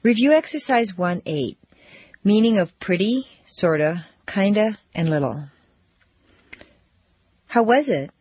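A woman teaching pronunciation drills, speaking slowly and deliberately with exaggerated intonation. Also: mid-range voice, expressive, breathy edge, no echo. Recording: dull dry lo-fi recording.

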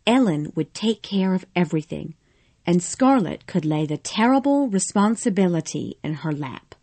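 A woman narrating a storybook in an expressive, measured way. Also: lowish voice, no echo.

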